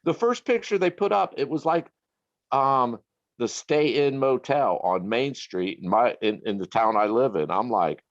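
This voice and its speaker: A man in casual conversation, telling stories in a profane, animated way and laughing often. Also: medium pitch, unhurried. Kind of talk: casual chat. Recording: lo-fi recording.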